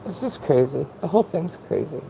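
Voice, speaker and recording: A woman's voice: low-pitched, expressive, a little fast, creaky, warm tone, slight background noise, poor audio. A woman talking candidly in a casual, rambling personal monologue, often breaking into laughs. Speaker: vlogger.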